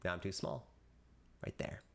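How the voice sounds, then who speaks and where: A man streaming live, chatting casually with viewers and rehearsing lines for a video, jumping into high excited bursts and then dropping to low mutters. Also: moderate pace, a little hiss or hum. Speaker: VTuber streamer.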